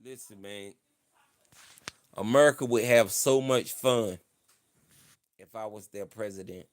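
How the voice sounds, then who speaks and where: A man's voice: on the low side, a little slow. A man hosting a casual livestream, talking in a playful, boastful way and repeating his lines over and over. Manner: playful, repeats himself, boastful mock-campaign talk. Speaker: livestream host.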